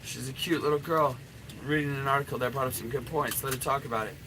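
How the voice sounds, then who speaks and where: A middle-aged man coaching on dating in a loose, swearing-heavy ramble. His voice sits at an ordinary pitch for a man. Clear road and car noise runs behind him throughout. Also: steady tone, fast. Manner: profane, rambling, blunt. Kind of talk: unscripted coaching rant.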